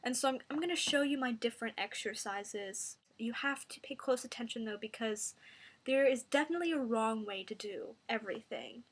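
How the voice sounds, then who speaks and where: A woman giving a mock singing tutorial in a deadpan, rambling, self-serious way. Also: on the high side, moderate pace.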